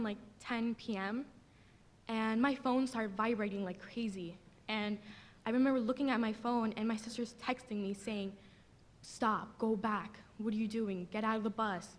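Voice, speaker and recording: A young woman from the audience telling a personal story, halting and tearful, with many fillers. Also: a little high. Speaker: audience member. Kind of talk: emotional personal testimony. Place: large theater.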